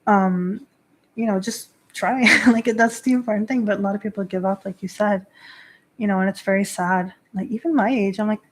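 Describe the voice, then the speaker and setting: A woman in her thirties, a Shinto priestess, hosts a casual livestream talk, answering chat in a chatty, filler-heavy way and laughing often. Her medium-pitched voice is somewhat dark, with fairly even intonation at a moderate pace.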